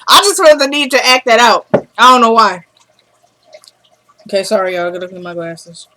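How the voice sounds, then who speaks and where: A woman vlogger in a casual, animated recap of a TV drama, talking straight to her viewers and laughing often. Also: fairly high pitch, moderate pace, low-quality recording.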